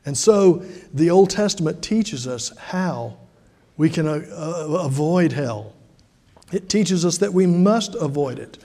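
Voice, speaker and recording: High-voiced preacher in a reverberant hall. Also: male voice, expressive, slow pace, dark tone. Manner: storytelling, conversational with dramatic swings in volume. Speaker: pastor. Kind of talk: sermon.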